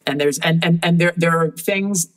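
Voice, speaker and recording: A woman's voice: on the low side, steady tone, normal speed, low-quality recording. A woman being interviewed on a podcast, telling stories about her work in a thoughtful, often restarting way. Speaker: guest puppeteer. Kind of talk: casual interview chat.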